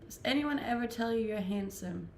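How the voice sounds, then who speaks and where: A young woman with a Danish accent talks easily to her livestream viewers. She answers their questions and laughs often. Her voice has a gravelly fry and sits in an echoey room with a faint ambient hum. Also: on the high side, lively intonation, moderate pace. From Denmark. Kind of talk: casual chat reading viewer messages.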